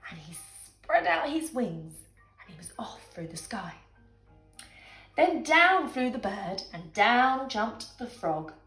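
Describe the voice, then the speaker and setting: Slow animated woman reading a bedtime story. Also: on the high side. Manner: animated, dramatic storytelling with whispers. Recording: echoey room, faint music.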